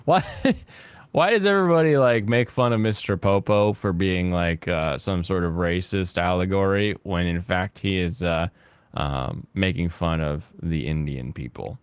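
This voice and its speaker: A man's voice: deep voice, measured pace, smooth, dry recording. A man streaming a game who chats, rants and laughs often, speaking into a close desk mic. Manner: animated, ranting, laughs often. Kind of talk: casual gaming stream chat.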